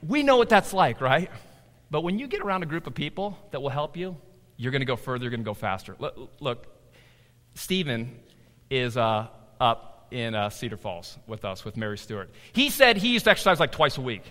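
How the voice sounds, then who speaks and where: A middle-aged man preaching a sermon, animated, swinging between loud emphasis and quiet asides. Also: medium pitch, a little fast, big-room sound. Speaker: pastor.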